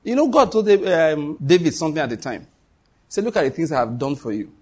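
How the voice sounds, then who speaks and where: A middle-aged man preaches to his congregation in an animated, conversational way. His voice sits a little high and has a husky edge. He leads call-and-response and drops into quoted voices as he tells stories. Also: brisk. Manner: animated, laughs often, shifts to quoted voices. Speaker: pastor. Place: church hall before a congregation.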